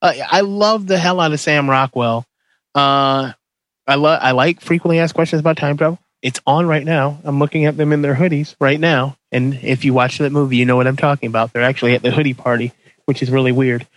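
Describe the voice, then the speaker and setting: A man hosting a casual movie podcast, excitable and profane, tripping over his words as he calls the votes. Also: mid-range voice, a little fast, no room sound. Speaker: podcast host running a movie bracket. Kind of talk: casual chat.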